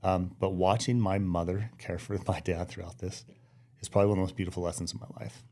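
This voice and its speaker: A man's voice: deep voice, fairly even intonation, quick pace, gravelly, dark tone. A middle-aged man speaking as a podcast guest, talking earnestly and with feeling, teary-eyed at times and often restarting his sentences. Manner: earnest, heartfelt, many restarts. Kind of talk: emotional interview.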